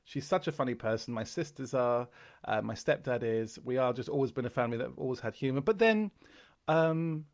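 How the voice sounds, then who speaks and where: A middle-aged man with an Irish accent spins stories with lots of energy. He drops into little character voices as he goes, and his pitch sits in an ordinary middle range. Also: fairly quick. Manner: animated raconteur, slips into character voices. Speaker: guest comedian. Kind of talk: conversational storytelling.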